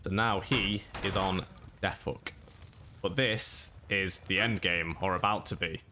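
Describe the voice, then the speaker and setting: A man giving a monotone, matter-of-fact voice-over commentary on his own gameplay. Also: sits low, unhurried, noisy background. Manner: monotone delivery. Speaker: gaming YouTuber.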